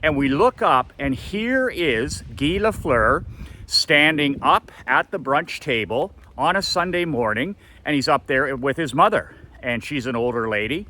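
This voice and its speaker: A man, a coach and motivational speaker, telling a personal story in an animated way and acting out quotes with big jumps in pitch. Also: a little slow. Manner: preachy repetition of a motto. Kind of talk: storytelling monologue.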